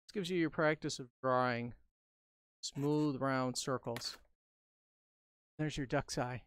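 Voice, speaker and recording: A woman's voice: very deep voice, slow, clear, resonant tone, dry recording. Chatty woman teaching balloon twisting. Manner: chatty, upbeat, talks through each step while working; playful asides and jokes to viewers. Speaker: balloon artist and instructor. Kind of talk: live-stream craft tutorial.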